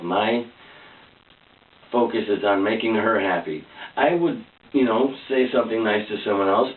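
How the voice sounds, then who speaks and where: A man talking earnestly to camera in a casual personal vlog, rambling and restarting his sentences. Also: lowish voice. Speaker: vlogger. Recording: echoey, distant, phone-like tinny sound.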